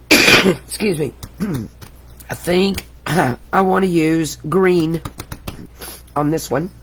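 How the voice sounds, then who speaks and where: A middle-aged woman talks her way through a live craft demo, rambling and exclaiming as she works. Her voice has a gravelly, fry-tinged edge, and she keeps cracking herself up. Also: low voice, slight background noise. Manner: chatty, exclamatory, laughs at herself. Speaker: crafting host. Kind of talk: live craft tutorial chat.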